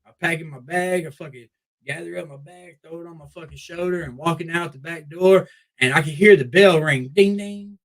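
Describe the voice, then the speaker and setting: A young man, a wrestler, telling a long story in a casual, profane, animated way with many restarts. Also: fairly high pitch, a little fast, poor audio. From Memphis Mid-South area. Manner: profane, animated, repeats "I was like". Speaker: wrestler guest.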